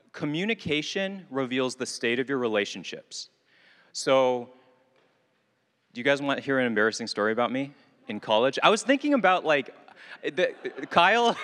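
A young man giving a talk at a retreat, telling a story with self-mocking humor and lively energy. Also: medium pitch, clear, resonant tone. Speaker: retreat speaker. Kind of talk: casual talk to a group. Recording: long reverb of a hall.

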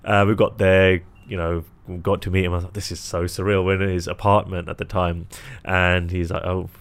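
Male entertainer, deep voice, chatty anecdote teller, lots of laughs. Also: fairly quick. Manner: animated storyteller, quotes others, laughs often. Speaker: magician and entertainer. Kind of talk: casual chat.

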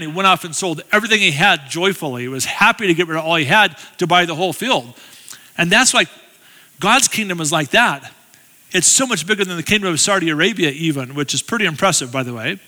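A man's voice: high-pitched, pushed and bright, big-room sound. A middle-aged man giving a guest sermon in a church, telling a story in a chatty, self-deprecating way with humorous asides. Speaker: guest speaker. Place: church sanctuary.

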